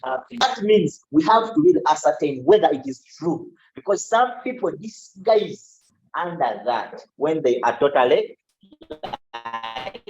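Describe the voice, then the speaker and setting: A man's voice: a little high, very animated, darkish tone, faint music behind. A man giving a law lecture to students, checking in often with "okay" and joking asides. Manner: explains slowly, with frequent "okay?" checks and asides. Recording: dull, lo-fi classroom recording.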